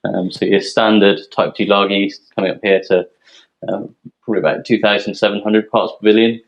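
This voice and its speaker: Man, low pitch, relaxed technical presenter, filler-heavy. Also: brisk, dull audio. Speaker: yeast company representative.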